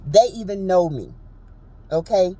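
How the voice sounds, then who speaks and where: A woman, casually recapping a reality show in a chatty, animated way and acting out quotes in a high voice. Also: unhurried, low-quality recording. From Southern United States.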